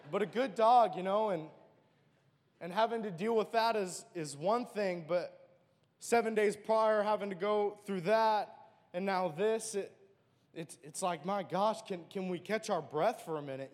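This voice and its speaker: High-voiced man giving an earnest testimony. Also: darkish tone, long reverb tail. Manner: earnest and emotional. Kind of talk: personal testimony.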